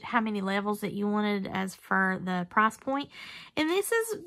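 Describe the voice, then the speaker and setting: A woman vlogger chatting casually as she unboxes things, gushing and easily excited. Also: a little high, gravelly. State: out of breath. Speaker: jewelry-making vlogger.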